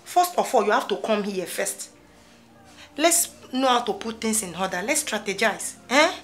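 Coaxing Nigerian mother, lively high voice, faint music underneath. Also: normal speed. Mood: soothing. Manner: soothing, coaxing, insistent. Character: calm older mother comforting her grown daughter. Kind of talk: gospel film acting.

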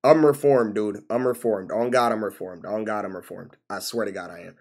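A man's voice: lowish voice, fairly quick. A man streaming live, reacting to posts in loose, profane, exclaiming talk, with bro at the end of nearly every line. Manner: animated, exclaiming, profane, says bro constantly.

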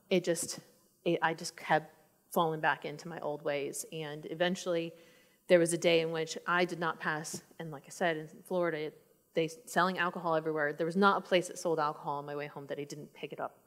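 A woman shares her own story from the front of a church in a fairly low voice. She tells it as a lively tale, acting out her past remarks and breaking into laughs as she goes. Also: normal speed. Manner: laughs often. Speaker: church speaker sharing her testimony. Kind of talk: personal testimony talk.

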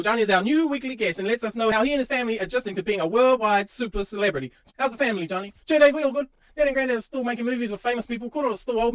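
A man, narrating a crude parody sketch with rapid, deadpan jokes. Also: very high voice, no echo. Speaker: comedy narrator.

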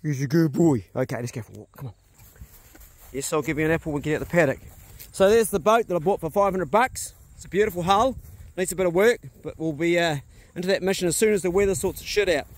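New man, farm vlogger, blunt and earthy, fairly high pitch, outdoors on a phone. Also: fast talker. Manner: earthy, blunt, swears freely. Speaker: farmer vlogger. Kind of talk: casual walk-and-talk vlog. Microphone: phone camera.

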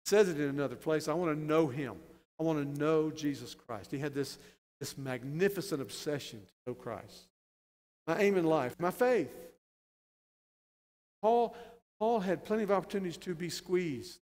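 A man preaching a sermon as pastor, building to loud, emphatic, stressed phrases. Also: on the high side, animated, normal speed. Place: church sanctuary. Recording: long church reverb.

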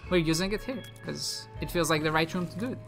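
With a deep voice and a fast pace, this woman narrates her gameplay in a loose, rambling let's-play style. She makes gaming videos and comes across chatty and self-deprecating, frequently giggling and starting sentences over. Faint music plays in the background.

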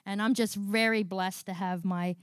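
A woman's voice: medium pitch, fairly even intonation, clear, resonant tone, dry recording, clean studio sound. Rambling woman sharing a church testimony. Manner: rambling, halting, full of restarts and fillers. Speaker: church member giving testimony. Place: church sanctuary.

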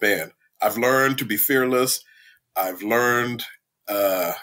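A man, an author and middle school teacher, telling animated stories as a podcast guest, laughing often and mimicking his students. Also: mid-range voice, husky. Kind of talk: casual storytelling interview.

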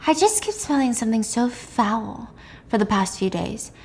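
A woman voicing a mother who sounds soft, puzzled and anxious. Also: on the high side, lively intonation, moderate pace, breathy edge. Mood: uneasy. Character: uneasy young mother.

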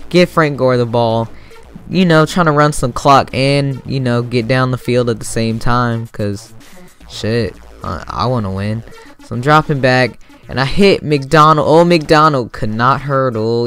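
A young male gaming YouTuber with a smooth, mid-range voice gives casual, excitable commentary over his own video game match, swearing freely and bursting into sudden yells.

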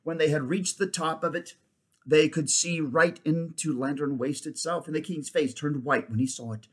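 A man reading a children's novel aloud, steady but with frequent restarts and slips. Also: on the high side, moderate pace, breathy edge. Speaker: reader.

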